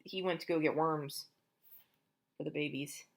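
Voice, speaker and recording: A woman reading a picture book aloud to children, explaining the story in an animated way. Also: sits low, unhurried.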